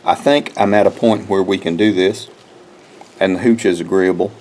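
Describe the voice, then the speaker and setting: A man's voice: sits low, fairly even intonation, normal speed, darkish tone, a little hiss or hum, poor audio. A man giving a folksy, rambling walk-through of his garden, often repeating words as he talks to viewers. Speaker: homestead vlogger. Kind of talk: casual walk-through chat. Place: outdoors in a garden.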